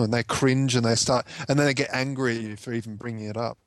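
A man's voice: mid-range voice, steady tone, fast, dry recording. A man co-hosting a casual commentary chat, arguing his point with rhetorical questions. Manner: argumentative, fires rhetorical questions. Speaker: co-host.

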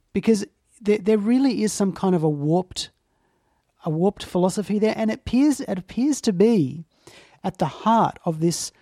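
A man's voice: high-pitched, mellow, no room sound, studio quality. A man hosting a casual commentary chat, speaking earnestly and with emphasis, lingering on his phrases. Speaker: talk show host.

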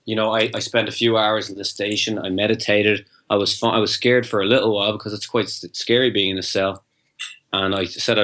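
A fairly low-voiced man spins a long rambling anecdote in an interview, quoting both sides of a conversation. He restarts his sentences often and keeps the story rolling, as a guest talking to a host. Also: sharp tone. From Ireland. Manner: rambling anecdote with acted-out dialogue, frequent restarts.

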